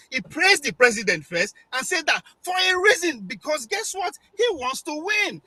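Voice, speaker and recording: High-voiced Nigerian man arguing his view. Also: big pitch swings, moderate pace, bright, forceful tone, a little hiss or hum, poor audio. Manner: explains at length, rhetorical questions, some Pidgin. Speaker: guest. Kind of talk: debate-style discussion.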